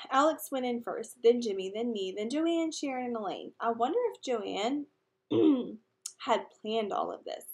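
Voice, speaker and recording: A woman with a slightly high voice reads a children's novel aloud. She stays lively and breaks off now and then for casual asides to her listeners. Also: unhurried. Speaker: reader.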